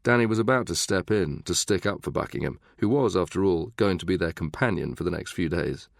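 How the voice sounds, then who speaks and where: A man narrating a thriller audiobook in a steady, measured reading. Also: low-pitched, gravelly, no echo, clean studio sound. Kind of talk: scripted narration.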